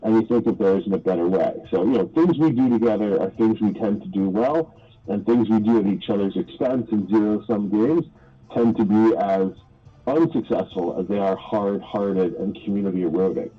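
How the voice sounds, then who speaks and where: Husky-voiced man explaining economics. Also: fairly low pitch, moderate pace, faint music behind. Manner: earnest, articulate explainer. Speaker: economist guest. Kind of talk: radio interview commentary. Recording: dull lo-fi radio audio.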